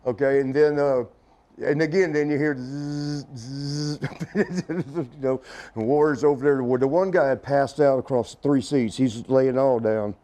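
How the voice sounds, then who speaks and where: A man's voice: mid-range voice, normal speed, dark tone. Chuckling middle-aged man telling a tale. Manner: chuckling, rambling storyteller who acts out others' lines. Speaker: interview guest. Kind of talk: casual anecdote telling.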